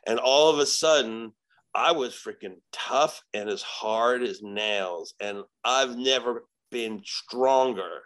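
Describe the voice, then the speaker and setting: Animated, profane male storyteller. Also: medium pitch, rough recording. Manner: animated, profane, acts out quoted voices. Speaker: podcast guest. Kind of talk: casual storytelling.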